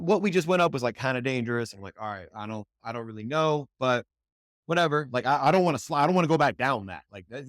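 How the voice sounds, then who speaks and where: A man from New York City, a podcast guest, excitedly telling a personal story in slangy speech and acting out what he said back then. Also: medium pitch, no echo, clean studio sound. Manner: slangy, excitable, acts out his own past lines.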